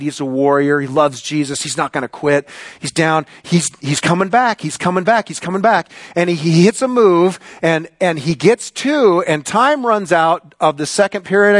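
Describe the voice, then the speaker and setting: High-voiced, animated man preaching. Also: no room sound, clean studio sound. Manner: animated storyteller, gets loud and excited. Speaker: pastor. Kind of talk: sermon with a personal story.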